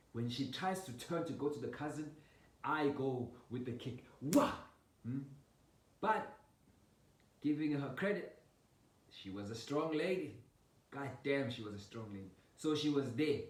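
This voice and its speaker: Man telling a family story in an echoey room. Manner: animated, laughs while telling, acts out scenes with sound effects. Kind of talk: casual personal storytelling. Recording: roomy echo, distant mic, low rumble.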